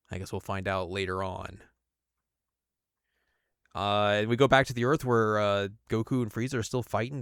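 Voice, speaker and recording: A man's voice: fairly low pitch, clean tone, no echo, studio quality. A man co-hosting a podcast, recapping an anime episode in casual chat and acting out bits of it. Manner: animated retelling with quick acted asides. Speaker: podcast co-host.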